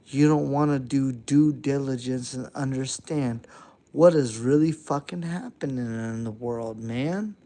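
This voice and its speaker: A man giving a heated, profane late-night rant, swinging between shouting and muttering. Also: medium pitch, unhurried. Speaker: vlogger.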